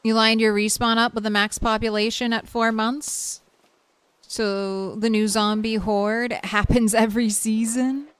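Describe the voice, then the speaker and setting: A woman's voice: a little high, flat delivery, a little slow, clear, resonant tone, no echo. A tired young woman streaming a game late at night, chatting casually with her viewers and often restarting her sentences.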